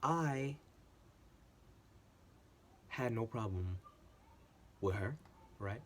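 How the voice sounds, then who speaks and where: A man's voice: medium pitch, extremely slow. Guy telling a story, medium voice, repeats himself a lot, swears, faint noise behind. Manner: animated, repetitive, swears casually. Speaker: channel host. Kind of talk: casual storytelling monologue.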